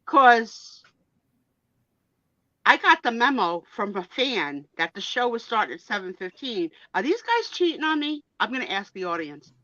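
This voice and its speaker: Bright playful woman co-hosting a live stream, voice jumping all over, a bit muffled and dry. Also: on the high side, big pitch swings, normal speed, dry recording. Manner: playful, teasing, theatrical. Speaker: regular guest co-host.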